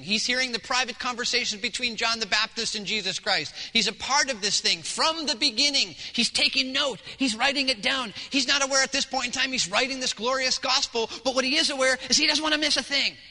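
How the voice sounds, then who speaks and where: A pastor delivers a sermon at a church service, telling stories animatedly and swinging between hushed and loud. His voice is high, and a long reverb tail follows it.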